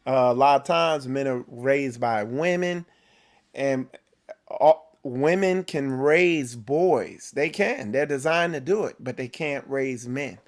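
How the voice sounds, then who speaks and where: Slow, emphatic male show host. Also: mid-range voice. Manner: emphatic, repeats words, restarts. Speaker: host of a men's faith show. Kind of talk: preachy motivational talk.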